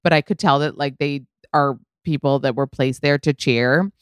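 A woman's voice: low voice, moderate pace, clean tone, no room sound, studio quality. A woman hosting her own podcast, telling a story in casual chat, full of "like" and "you know", with the odd swear word. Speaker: podcast host.

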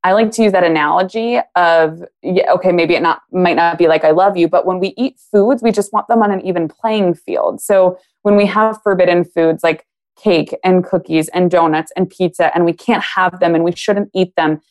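A woman's voice: on the low side, normal speed, darkish tone. A woman talking casually on a podcast as a guest, explaining ideas with analogies and acted-out quotes.

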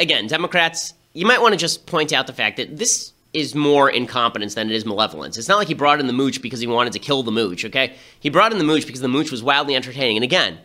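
A man hosting a podcast, delivering political commentary in a rapid, sarcastic, animated way. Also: fairly high pitch. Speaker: podcast host.

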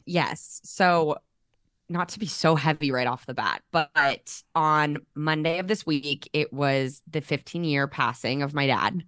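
Chatty young woman with a lowish voice. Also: measured pace, a bit bright, no echo, studio quality. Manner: candid, chatty, lots of fillers. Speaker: podcast co-host. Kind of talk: casual chat. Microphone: remote call.

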